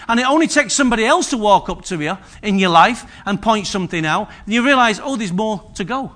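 A man's voice: sits high, quick pace. An older man preaching a sermon in a church, telling stories and asking the congregation questions. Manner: lively, storytelling, asks the congregation questions.

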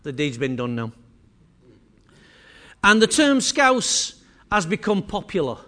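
Mancunian man with a high voice, talking to a small room, casual and teasing. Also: big pitch swings, takes it slowly, pushed and bright. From Manchester, England. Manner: chatty, teasing, addresses audience directly. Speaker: presenter. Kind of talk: jokey live presentation to a room. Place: meeting room with small audience.

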